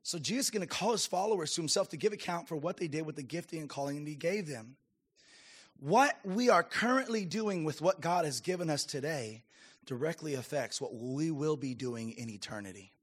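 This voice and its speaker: Man, pastor, sermon, high-pitched, emphatic, addresses the congregation. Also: expressive, fairly quick, breathy edge. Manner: emphatic preaching with audience call-outs.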